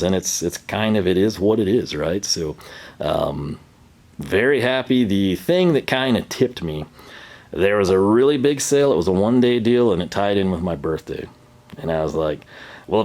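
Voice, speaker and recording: A low-voiced man with a twang tells a long, rambling story straight to camera. He chuckles often and slips into quoted voices as he goes. His delivery is relaxed, chatty vlog talk. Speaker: channel host.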